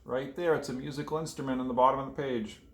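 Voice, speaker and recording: Bright-voiced man reading to children. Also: medium pitch, steady tone, quick pace. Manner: asks children questions. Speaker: storyteller for children. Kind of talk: reading a picture book aloud.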